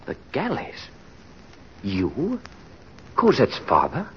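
An actor playing an earnest, gentle young husband in an old-time radio drama, speaking earnestly. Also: male voice, mid-range voice, wildly swooping pitch, takes it slowly, breathy edge, highs cut off, heavily acted. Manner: earnest, stammering when shaken.

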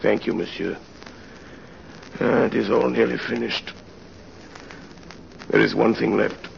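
An actor playing a tormented aging ex-convict father in an old-time radio drama, speaking in a somber, halting way. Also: lowish voice, fairly even intonation, vocal fry, highs cut off, a little hiss or hum. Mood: grave.

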